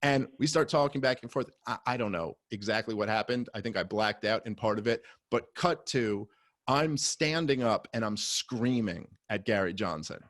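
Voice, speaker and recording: A man, a podcast guest, telling a story in a casual conversation with lots of swearing and fillers, now and then rising to loud, heated outbursts. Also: on the low side, normal speed, dry recording, studio quality.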